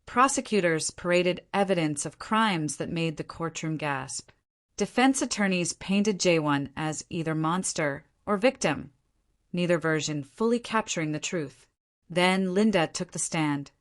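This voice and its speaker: A woman reads a romance story aloud in scripted narration. Her voice sits on the low side, and her delivery is dramatic and measured. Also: animated.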